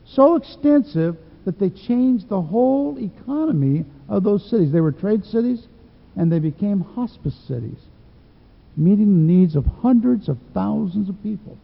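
A man's voice: high voice, creaky, in a large hall, muffled recording. A man preaching a sermon, telling stories in a folksy way, with frequent restarts. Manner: folksy storytelling with repeated restarts.

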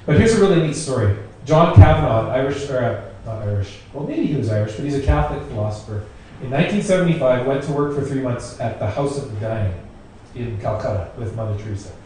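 Talking fast and animatedly, a man with a mellow, mid-range voice preaches a sermon as a pastor, conversational and repetitive for emphasis. It's recorded on a distant mic in a very reverberant room with faint noise.

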